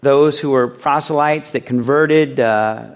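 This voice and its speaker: A man's voice: mid-range voice, slow pace. A man preaching a sermon as a pastor, talking conversationally and reading scripture aloud. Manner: conversational, acts out quoted voices.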